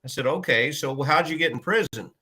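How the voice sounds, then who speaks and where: A man's voice: on the high side, fairly quick, bright, forceful tone, slightly rough. A man telling an anecdote in casual chat, quoting the people he spoke with. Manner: recounts anecdotes with quoted dialogue. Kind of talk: casual storytelling.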